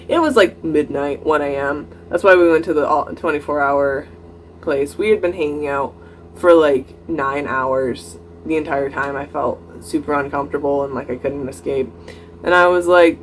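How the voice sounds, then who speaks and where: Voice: medium pitch, steady tone, moderate pace, a little hiss or hum, low-quality recording. Chatty young adult story-time vlogger. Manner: chatty, many "like" fillers, laughs mid-story. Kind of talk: casual story-time monologue.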